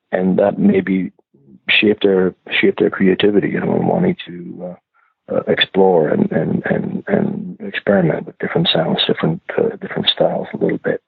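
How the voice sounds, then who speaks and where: A man with an Acadian accent, a singer-songwriter answering interview questions in a relaxed, hesitant way with many restarts. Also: low voice, creaky, slightly rough, no echo, narrow, tinny audio. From Canada.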